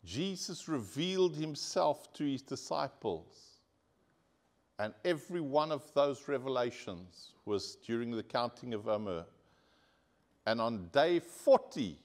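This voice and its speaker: A male pastor preaching a sermon to his congregation, earnest and direct, asking the people for an amen. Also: mid-range voice. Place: church.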